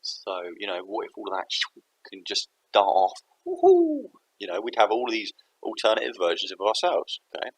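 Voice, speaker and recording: Rambling low-voiced man. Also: steady tone, brisk, breathy edge, rough recording. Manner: rambling, self-interrupting, musing. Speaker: vlogger. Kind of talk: casual thinking aloud to camera.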